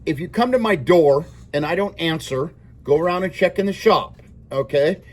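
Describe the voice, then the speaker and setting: A man's voice: fairly high pitch, animated, normal speed. A middle-aged man, a teacher, giving his class a rambling, informal talk, often chuckling and checking in with "okay?".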